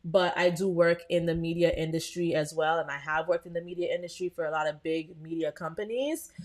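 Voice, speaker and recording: Woman, live tutorial host, casual, chatty, lowish voice. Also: steady tone, a little fast, a little mellow. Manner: chatty, addresses viewers as "you guys", frequent "um" and "like".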